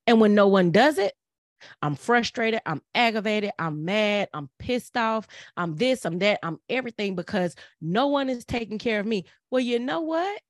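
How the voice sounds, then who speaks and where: A woman's voice: medium pitch, animated, moderate pace, no echo. Woman, middle-aged, preachy and earnest, repeats herself a lot, dry close sound. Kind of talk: casual motivational talk.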